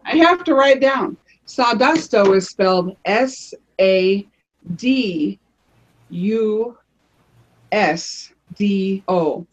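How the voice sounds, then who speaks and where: A woman's voice: mid-range voice, animated, drawn-out words. A woman on a live panel show casually showing her crafts, chatty, often restarting her phrases as she explains.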